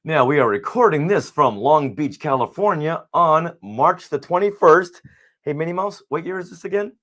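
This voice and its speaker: A man's voice: a little high, expressive, moderate pace, fairly bright tone. A man hosting a live podcast, talking in a jokey, playful, teasing way. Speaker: podcast host. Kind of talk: casual live podcast chat. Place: home recording setup in Long Beach, California. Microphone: podcast microphone.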